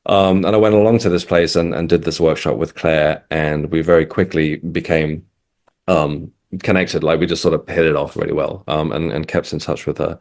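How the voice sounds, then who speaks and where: Man, very deep voice, middle-aged, from England, interview guest, hesitant, frequent restarts and ums. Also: flat delivery, moderate pace, gravelly, a little mellow. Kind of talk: casual interview storytelling.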